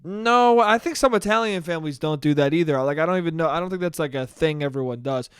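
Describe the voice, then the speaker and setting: A man's voice: fairly high pitch, quick pace, smooth, no room sound. A man hosting a casual comedic podcast monologue, talking in a rambling, profane, self-deprecating way into a close mic. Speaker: podcast host.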